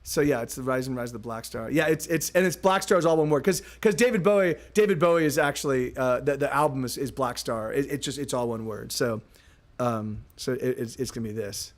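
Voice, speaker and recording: Streaming live from his home studio, a man sings his own songs on guitar, then chats with viewers while stammering and laughing. His voice is mid-range and fairly quick.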